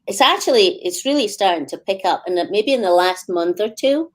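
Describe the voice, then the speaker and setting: A woman's voice: medium pitch, lively intonation, a little fast. A Scottish woman from Scotland, a musician guest chatting casually in a radio interview and laughing easily.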